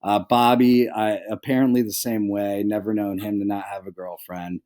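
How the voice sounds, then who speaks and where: A young man with a somewhat low voice hosts a loose, chatty recap. He rambles, filling his talk with "like" and "um." He jokingly hands out mock penalties to his friends. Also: level tone, moderate pace, darkish tone. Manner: rambling, full of "like" and "um". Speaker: host of a fantasy football recap. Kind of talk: casual recap monologue.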